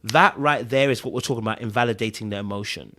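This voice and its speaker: A man's voice: lowish voice, fast, pushed and bright. A man hosting a podcast, giving casual relationship advice to live viewers, stressing key words by repeating them and checking in with his listeners. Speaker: podcast host.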